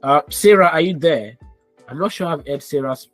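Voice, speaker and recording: A man's voice: fairly high pitch, moderate pace, a bit bright, soft background music. A man teaching business analysis in a live online class over a video call, calling students by name and coaxing them to speak. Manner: coaxing, repeats names and prompts.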